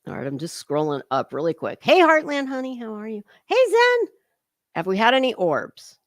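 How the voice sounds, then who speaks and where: A woman's voice: fairly high pitch, huge pitch swings, normal speed, no room sound, clean studio sound. A woman hosting a casual livestream commentary, chatty and swearing freely as she greets her chat viewers by name.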